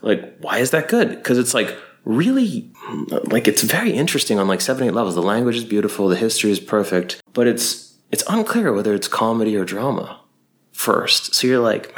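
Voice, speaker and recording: A man hosting his own podcast, talking casually in an animated, rambling way with lots of fillers. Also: on the low side, moderate pace. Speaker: podcast host and co-founder. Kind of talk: casual solo podcast talk.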